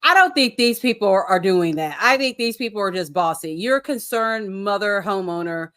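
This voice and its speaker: A woman's voice: mid-range voice, animated, normal speed, fairly bright tone. A woman who is a guest on a podcast, talking casually, bluntly and outspokenly, and swearing often. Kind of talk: casual chat.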